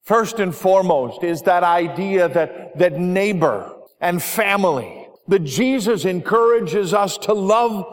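A man preaching, telling a gentle story to his congregation, voice dropping quiet at tender moments. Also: sits high, animated, slow, hardly any pauses. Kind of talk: sermon story narration. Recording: long hall reverb.

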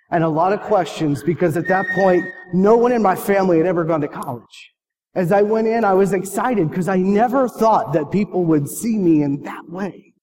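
A man preaching in a big reverberant hall, his voice a touch higher than most men's. He tells stories and asks his listeners heartfelt questions, the sound trailing off into a long echo. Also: a little mellow. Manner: storytelling, earnest questions. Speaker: pastor. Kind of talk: sermon.

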